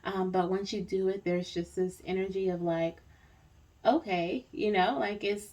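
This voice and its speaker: A woman giving a spiritual reading in a relaxed, chatty way. She wanders through her thoughts with many fillers and tag questions, and her voice sits at an ordinary pitch. She is recorded from a little way off the mic. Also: unhurried, recorded from a distance. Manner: rambling, reassuring, frequent fillers and tag questions. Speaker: spiritual reader.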